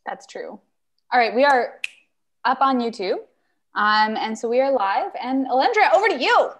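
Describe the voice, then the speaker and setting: An upbeat woman co-hosting a game stream, laughing easily as she chats. Her voice sits a little high. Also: animated, measured pace, slight background noise. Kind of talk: casual chat.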